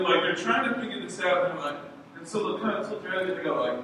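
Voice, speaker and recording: Middle-aged male pastor, lively storytelling sermon, slightly high voice, far-off mic in a reverberant hall with background noise. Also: quick pace. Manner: animated storytelling, acting out voices. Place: church hall. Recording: echoey hall from far off, noisy.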